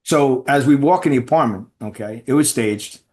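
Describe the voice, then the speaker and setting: A man's voice: mid-range voice, moderate pace, darkish tone. Rambling man telling stories as a guest. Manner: rambling, with frequent restarts and tag questions. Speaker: podcast guest, former FBI undercover informant. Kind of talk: conversational storytelling.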